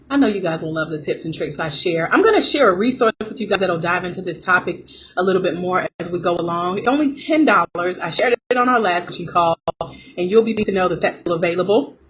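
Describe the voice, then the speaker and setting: A woman business coach hosting a live coaching call, upbeat and greeting listeners by name. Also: on the high side. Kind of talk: live-stream coaching talk. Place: home office with a fan running. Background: fan hum and distant thunder.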